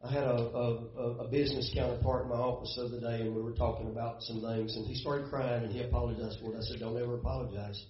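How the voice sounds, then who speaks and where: Folksy, emotional middle-aged pastor preaching. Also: male voice, mid-range voice, level tone, fast talker, hardly any pauses, slight background noise. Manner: emotional, folksy, repeats words. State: tearful. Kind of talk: sermon. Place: church sanctuary. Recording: roomy, dull church sound.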